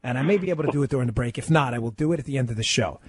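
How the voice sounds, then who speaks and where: A man guest-hosting a talk radio show, taking calls and making his points with rapid-fire emphasis. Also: medium pitch, breathy edge, dry recording.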